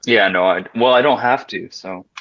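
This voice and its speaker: A man's voice: fairly low pitch, normal speed, a bit bright, a little hiss or hum. This is a man joking around in a casual group chat on a live stream. He often hesitates and trails off. His voice comes through as muffled, lo-fi audio. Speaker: stream co-host.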